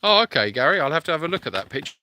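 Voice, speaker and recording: A man's voice: fairly high pitch, sing-song, rapid-fire, sharp tone, a little hiss or hum. A man hosting a live sanctuary chat, reading out viewer comments and answering in a chatty, rambling way full of fillers.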